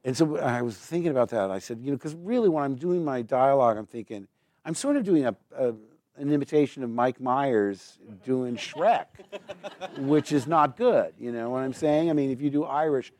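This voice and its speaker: A man's voice: mid-range voice, lively intonation, moderate pace, darkish tone, dry recording. A man, a guest actor in a live on-stage conversation, telling rambling, digressive stories and slipping into mimicked accents. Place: stage before a live audience.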